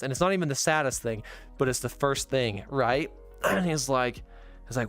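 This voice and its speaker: A young man hosting a casual podcast, telling a long story in a rambling way, with many fillers and restarts, and growing animated as he goes. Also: medium pitch, moderate pace, faint music behind. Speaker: podcast host.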